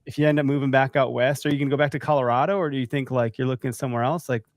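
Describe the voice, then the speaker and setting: A man hosting a podcast in casual chat, animated and acting out the voices of people he quotes. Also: medium pitch, very fast, dry recording, studio quality. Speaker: podcast host.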